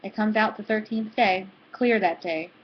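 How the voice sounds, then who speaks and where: A tired wife who speaks plainly and to the point , as a woman reads her out. Her voice sits at a middle pitch. The recording is slightly dull, with faint hiss behind it. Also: normal speed, close to an everyday voice. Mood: matter-of-fact. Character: tired wife planning fertility treatment, quiet.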